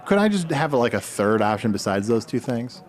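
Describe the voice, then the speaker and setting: Lively, hesitant man hosting a comedy podcast. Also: medium pitch, moderate pace. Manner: hesitant, full of likes and questions. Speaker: host.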